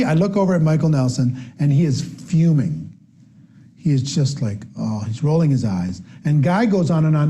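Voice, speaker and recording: A man giving a business seminar talk, telling a story with many restarts and acting out what people said. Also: a little high. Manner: animated storyteller acting out quotes, frequent restarts. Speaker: seminar speaker.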